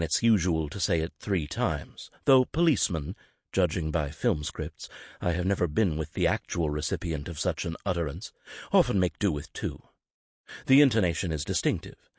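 A man narrating a scripted lesson on greetings, acting out the example phrases with lively, rising delivery. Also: no room sound, studio quality. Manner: measured, acts out greetings with lively rising pitch. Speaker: lecturer on language.

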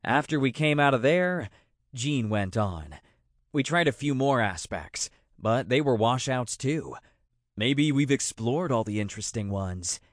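A wry, restless man, bored and always joking, as a male narrator plays him, speaks in a lively, up-and-down voice at an unhurried pace. The audiobook recording is dry and close. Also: medium pitch, no echo, lightly acted.

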